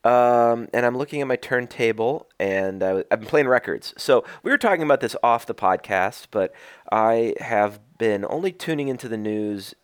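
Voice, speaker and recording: Laughing, animated young man. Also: medium pitch, normal speed, clear, resonant tone, dry recording, clean studio sound. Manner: laughing, animated, bursts of loud enthusiasm. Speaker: podcast co-host. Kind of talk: casual joking chat. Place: his studio apartment.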